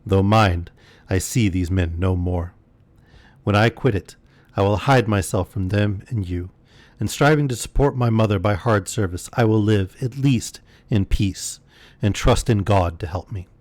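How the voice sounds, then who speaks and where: A man's voice: lowish voice, unhurried, a little mellow, no room sound, lightly acted. A man reading aloud and voicing a proud young woman in distress, earnest and pleading. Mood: indignant.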